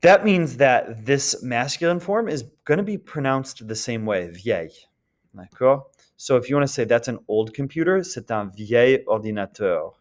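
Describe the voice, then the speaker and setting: A man's voice: mid-range voice, lively intonation, normal speed, few pauses. A man teaching French grammar in a patient, explanatory lecture, checking in often with his students. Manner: patient, explanatory, frequent "d'accord?" checks and "um" fillers.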